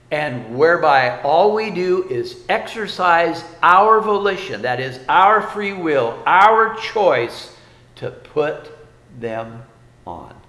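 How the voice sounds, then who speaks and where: A man's voice: a little high, a bit bright, reverberant, in a large hall. A man preaching a sermon as pastor, folksy, with rhetorical questions and repeated phrases.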